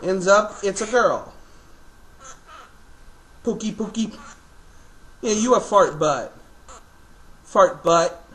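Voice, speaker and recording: A man's voice: sits high, lively intonation, slow pace, long pauses, fairly bright tone. A man filming a casual home video, chatting to his pet birds in a sing-song baby-talk voice.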